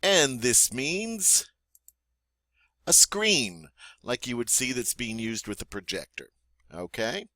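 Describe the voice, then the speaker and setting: Slow-paced, bright-voiced male French teacher. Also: mid-range voice, lively intonation, no echo. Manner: slow, deliberate model pronunciation with pauses for repeating; friendly, encouraging teacher tone. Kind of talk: vocabulary lesson for learners.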